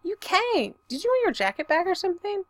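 A woman voicing an excitable, flustered young man who talks in fast, shrill, rambling bursts. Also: no room sound. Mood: eager.

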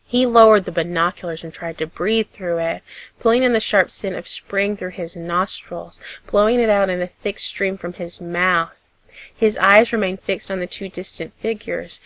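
A woman narrating a piece of fiction in a steady, measured storytelling voice. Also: medium pitch, no room sound, rough recording. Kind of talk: audiobook reading of fiction.

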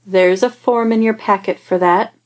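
A woman reading a fan story and voicing a calm, formal male government agent. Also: mid-range voice, normal speed, natural voice. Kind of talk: fan fiction audiobook reading.

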